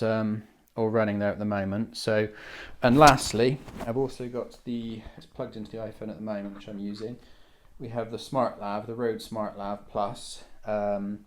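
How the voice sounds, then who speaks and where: A man's voice: lowish voice, steady tone, normal speed, slight background noise. Man rambling through a gear test. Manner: rambling, self-deprecating, many fillers and restarts. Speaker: video maker testing microphones. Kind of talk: casual, unscripted equipment walkthrough. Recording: roomy, echoey indoor recording.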